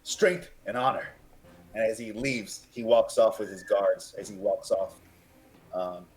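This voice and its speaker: A man's voice: on the low side, steady tone, a little slow, darkish tone, rough recording. A man narrating as game master of a tabletop game, rambling and restarting his phrases.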